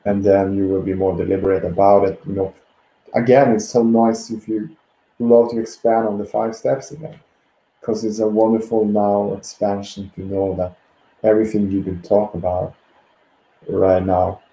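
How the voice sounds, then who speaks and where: A man co-hosting a spiritual talk, speaking in a slow, halting and repetitive way. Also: lowish voice, flat delivery, mellow, echoey room, low-quality recording. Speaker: co-host. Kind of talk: spiritual teaching conversation.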